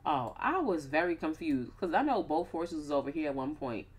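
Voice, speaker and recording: A woman's voice: low-pitched, lively intonation, normal speed, breathy edge. A young woman casually commenting on her life-sim gameplay with playful, slangy asides. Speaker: gaming YouTuber.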